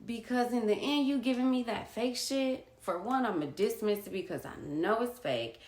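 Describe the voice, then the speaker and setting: A woman's voice: a little high, normal speed, darkish tone, echoey room. A woman talking candidly and emotionally about her life, blunt and swearing freely. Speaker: vlogger. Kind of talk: candid personal monologue.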